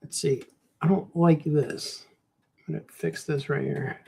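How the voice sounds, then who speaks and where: A chatty Chicago cartoonist narrates his own drawing during a livestream, easygoing and rambling, talking to himself and saying "man" a lot. His voice sits on the high side, steady and measured, with a creaky, mellow, husky quality.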